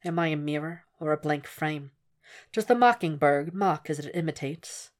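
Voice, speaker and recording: A woman voicing a calm, cold, cultured male doctor who speaks in a soft, measured, quietly mocking way. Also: low voice, lightly acted. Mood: taunting.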